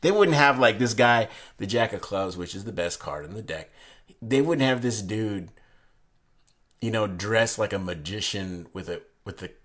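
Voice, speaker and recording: In this casual unboxing, a young man reviews a deck of playing cards, rambling through one story after another with lots of fillers and restarts. He speaks at a moderate pace in a lowish, fairly bright voice with lively intonation.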